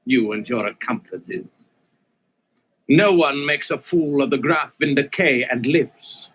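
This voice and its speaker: A tyrannical warlord aristocrat, husky and slow, handing out death sentences with deliberate menace. The voice is even in pitch, with a 1970s television drama delivery. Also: male voice. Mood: menacing. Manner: slow, threatening commands.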